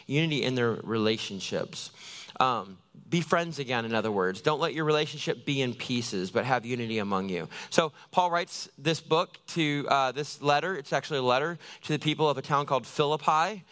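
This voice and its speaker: A man's voice: medium pitch, a bit bright. A man giving a conversational, jokey sermon as a youth pastor, acting out little everyday scenes.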